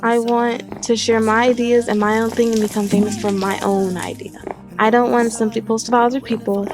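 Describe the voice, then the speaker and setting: A woman's voice: a little high, flat delivery, a little fast. A young woman talking through a casual game tutorial, chatty and rambling, with a giggly streak. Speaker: Minecraft tutorial YouTuber. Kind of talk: casual screen-recorded tutorial.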